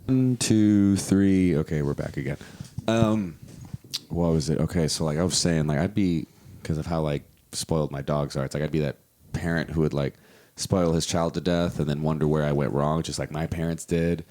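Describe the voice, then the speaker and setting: Podcast host dude, super deep low voice, rambly animated storytelling, casual chat. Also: male voice, moderate pace.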